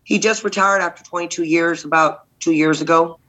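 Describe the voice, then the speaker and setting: A middle-aged woman from Texas, a guest candidate telling lively stories in a podcast interview and acting out the voices in them. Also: on the low side, brisk, poor audio. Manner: lively, acts out voices in anecdotes. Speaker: guest, state senate candidate. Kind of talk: animated storytelling in a podcast interview.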